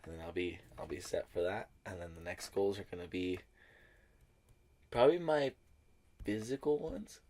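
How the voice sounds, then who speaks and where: A man's voice: sits low, normal speed, long pauses, a little mellow. Blunt young man in profane banter. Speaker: podcast co-host. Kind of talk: casual chat.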